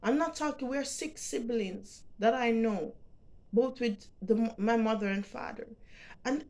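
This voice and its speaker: A middle-aged woman with a Jamaican accent, telling a personal story to camera in a halting, heartfelt way, often repeating words. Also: a little high, darkish tone. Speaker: vlogger.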